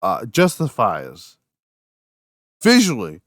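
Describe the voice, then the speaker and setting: A man's voice: mid-range voice, huge pitch swings, slow pace, dry recording, studio quality. An angry man, hosting a podcast alone and ranting with constant swearing and restarts. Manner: angry, profane, repeats words and restarts. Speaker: podcast host. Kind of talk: solo rant review.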